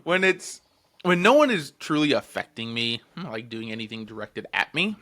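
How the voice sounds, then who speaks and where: Lively, bright-voiced young man telling a story. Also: mid-range voice, moderate pace. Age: 20s. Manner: profane, laughs often, lots of fillers. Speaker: podcast co-host. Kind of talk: casual podcast storytelling.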